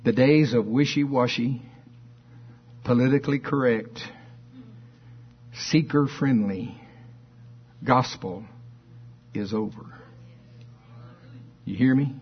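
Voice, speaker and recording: A man preaching a sermon, reading scripture slowly with dramatic stress and firing off rhetorical questions. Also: mid-range voice, slightly rough, muffled recording. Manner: fervent, rising to emphatic exclamations and rhetorical questions.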